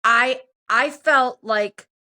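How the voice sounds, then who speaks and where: Bright-voiced woman in her fifties. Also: a little high, very slow. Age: 50s. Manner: animated, acts out quoted dialogue. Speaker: podcast host. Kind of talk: casual storytelling chat.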